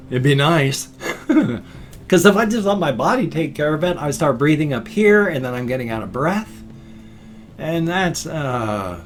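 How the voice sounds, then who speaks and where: An older man talking casually on his vlog, folksy and chatty, explaining things at length with homespun sayings. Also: mid-range voice. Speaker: vlogger. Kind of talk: casual rambling vlog talk.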